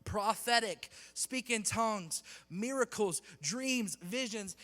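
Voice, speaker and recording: A youth pastor preaches in a casual, slangy way, teasing the crowd between points. His voice sits high for a man. A long reverb trails after him in the hall. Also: fairly bright tone. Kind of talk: sermon. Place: church hall with youth audience.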